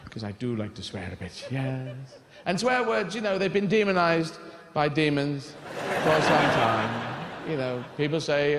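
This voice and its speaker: Rambling, animated stand-up comedian. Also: male voice, a little high, normal speed, slight background noise. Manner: rambling, animated, jumps into voices, swears freely.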